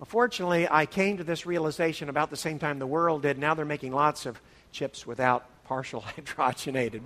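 A man's voice: fairly high pitch, a bit bright. Playful male Bible teacher in a reverberant hall. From northern United States. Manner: playful, calls on listeners by name. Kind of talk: interactive church teaching session.

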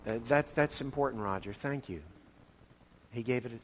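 The speaker is a man from the northern U.S. teaching an interactive Bible study at church and playfully addressing attendees by name. He talks at normal speed in a medium-pitched voice, with a little hiss or hum and a long hall reverb on the recording.

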